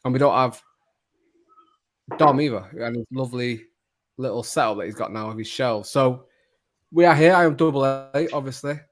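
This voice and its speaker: A man hosting a casual kit-ranking chat, jokey and quick to laugh. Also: medium pitch. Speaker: podcast host.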